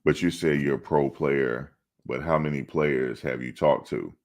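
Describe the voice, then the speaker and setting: A middle-aged man with an extremely deep, low voice hosts a sports live stream. He talks casually and bluntly, answering his chat in a streetwise way. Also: steady tone, unhurried, a little mellow. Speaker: sports channel host.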